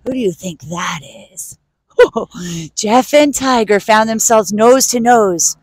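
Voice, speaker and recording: A woman reading a children's picture book aloud outdoors in an animated, playful way. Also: mid-range voice, a little slow, no echo, poor audio.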